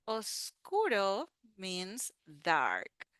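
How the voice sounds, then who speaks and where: A woman teaching a slow pronunciation lesson, patiently repeating each word. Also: lowish voice, lively intonation, bright, forceful tone, smooth, dry recording. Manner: patient, repeats words slowly. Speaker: Spanish teacher.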